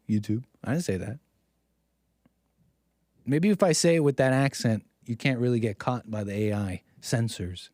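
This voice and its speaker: Brief: male streamer, sarcastic and rambling, slightly high voice, dry close sound. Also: no echo. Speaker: stream host. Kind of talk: live-stream commentary monologue.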